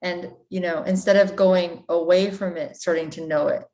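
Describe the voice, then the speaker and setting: A woman on a casual livestream answering viewer questions, thinking aloud in a relaxed way. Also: fairly low pitch, moderate pace. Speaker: channeler and teacher answering questions.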